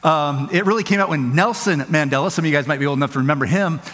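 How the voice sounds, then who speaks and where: A man preaching as a pastor, conversational and playful, quickly acting out little quoted voices. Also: on the high side, a bit bright, big-room sound. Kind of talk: sermon. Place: church auditorium.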